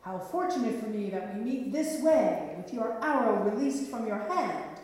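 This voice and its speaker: A mighty, vengeful knight with a booming, threatening voice, as a woman storyteller puts him on. He sounds set back from the mic in a long, echoing hall. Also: animated, moderate pace, darkish tone, natural voice. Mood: menacing. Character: stern mighty male knight bent on revenge. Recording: echoey hall, mic far off.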